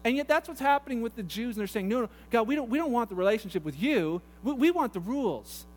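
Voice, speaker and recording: A man's voice: extremely high pitch, lively intonation, fast talker. A man preaching a sermon, pastor's chatty storytelling with asides. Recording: echoey hall with long reverb.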